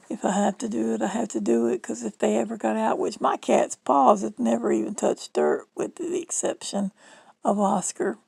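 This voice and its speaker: A woman's voice: mid-range voice, creaky, warm tone, breathy edge, no room sound, rough recording. A middle-aged woman with a Southern US accent, talking in a chatty, rambling, folksy way in a casual vlog monologue. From Southern United States. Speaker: vlogger.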